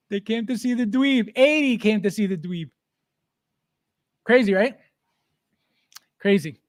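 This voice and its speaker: Slow and high, with long pauses, a male livestream host speaks in a dry recording. He reads viewer comments aloud and responds defiantly and repetitively, talking back to chat.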